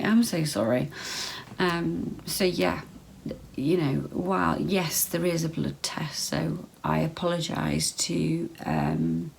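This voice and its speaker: A woman's voice: sits low, creaky, darkish tone, low-quality recording. A woman vlogging casual health advice straight to camera, chatty, full of ums and repeated phrases.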